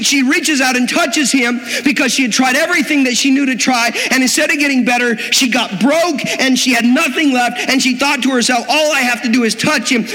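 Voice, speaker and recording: Male preacher, high-pitched, theatrical storyteller, recorded in a reverberant church. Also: pushed and bright. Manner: dramatic storytelling, acting out quoted voices. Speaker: pastor. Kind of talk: sermon. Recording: long hall reverb.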